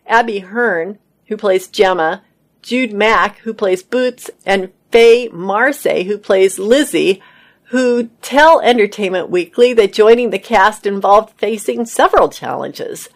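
Woman news reader, mid pitch, steady read-aloud pacing, entertainment stories. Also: a little slow. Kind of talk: reading news articles aloud.

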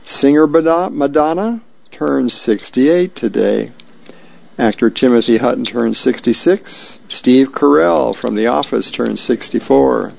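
A volunteer reader reading newspaper comics and birthdays aloud in a plain, friendly way with small slips. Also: male voice, mid-range voice, a little slow, creaky, a little mellow, dull audio.

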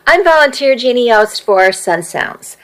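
A woman volunteer reading a first-person magazine story aloud for a radio reading service, in a steady, unhurried storytelling manner. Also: fairly high pitch, low-quality recording.

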